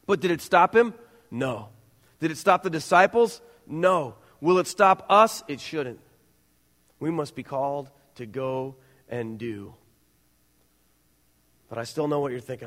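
High-voiced pastor preaching in a reverberant hall. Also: male voice, measured pace, long pauses. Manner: earnest, building to animated emphasis, stumbling restarts. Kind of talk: sermon.

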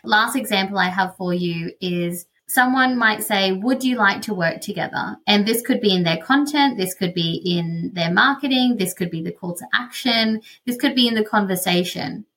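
A woman with a medium-pitched, slightly bright voice speaks at normal speed with hardly any pauses. Hosting her own business podcast as a consultant, she explains sales technique conversationally, dropping lots of "you know" fillers.

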